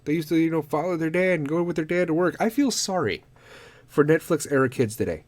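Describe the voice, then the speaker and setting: A middle-aged man hosting a podcast, delivering a profane comedic rant that is full of swearing and bursts into shouted impressions. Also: mid-range voice, dry recording. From Illinois. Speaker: podcast host.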